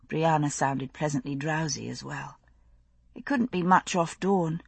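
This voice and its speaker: Husky low-voiced woman narrating a novel. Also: measured pace, no room sound. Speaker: audiobook narrator. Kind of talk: scripted narration.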